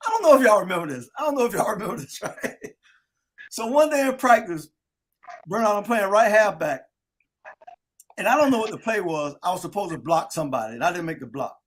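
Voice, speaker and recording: A man hosting a sports talk show, telling animated stories to his old teammates. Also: high voice, a little fast. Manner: lively storyteller acting out quotes. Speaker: host. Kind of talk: casual storytelling with old teammates.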